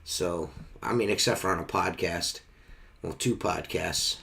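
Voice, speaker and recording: A man's voice: low voice, unhurried, creaky, bright, forceful tone. A man hosting a casual podcast, rambling and swearing, repeating himself as he talks. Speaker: podcast host.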